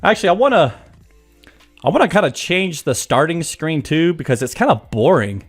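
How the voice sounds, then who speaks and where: Casting: male live-streamer, chatty and jokey, animated pitch, faint music behind. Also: normal speed. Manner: chatty, jokey, greets viewers by name. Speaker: livestream host greeting chat. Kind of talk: casual live-stream chat. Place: home office.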